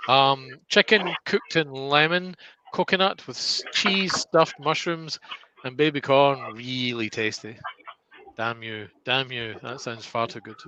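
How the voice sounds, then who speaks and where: A man's voice: mid-range voice, a little slow, bright, forceful tone. A man with a Geordie accent bantering on a livestream, reading out chat comments with playful, wry jokes. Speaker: guest on a woodturning livestream, reads out chat. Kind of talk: joking live-stream banter. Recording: dull lo-fi sound with clear background noise.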